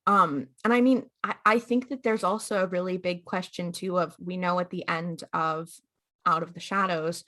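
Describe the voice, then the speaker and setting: A woman's voice: lowish voice, steady tone, moderate pace, pushed and bright. A young woman co-hosting a podcast in casual chat, chatty with many fillers and acted-out quotes. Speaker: podcast co-host.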